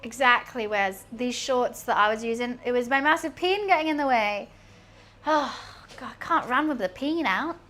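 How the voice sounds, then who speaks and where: A woman's voice: on the high side, moderate pace, a bit bright. A young British woman streaming, chatting casually and rambling while she cooks, laughing often. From United Kingdom.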